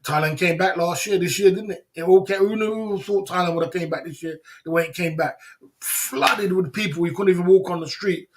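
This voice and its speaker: A man's voice: high voice, brisk. A man hosting a livestream, giving a blunt, repetitive motivational rant with slang and laughing asides. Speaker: livestream host. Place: indoors in Thailand.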